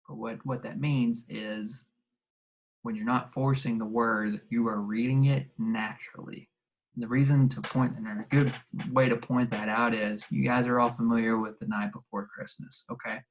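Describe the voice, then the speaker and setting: Casual male teacher giving slow instructions. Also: medium pitch, level tone, slight background noise, rough recording. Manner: casual, repeats instructions slowly for dictation. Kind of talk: recorded video lesson.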